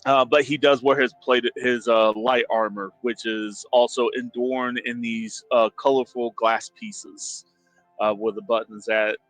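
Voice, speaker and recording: A man who plays in a tabletop game, describing his character haltingly with many fillers. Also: medium pitch, fairly even intonation, a bit bright, no echo, soft background music, poor audio.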